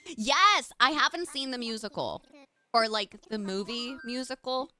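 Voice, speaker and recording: A woman's voice: on the high side, a little slow, sharp tone. A young adult woman streaming live, chatting casually and gushing thanks to her chat in a bubbly way.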